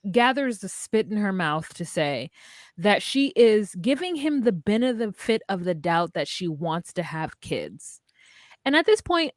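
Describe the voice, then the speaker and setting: A woman's voice: medium pitch, no echo, clean studio sound. A woman co-hosting a casual recap podcast, chatty and wry, telling the story with asides. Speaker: podcast co-host recapping a reality show. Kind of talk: casual chat.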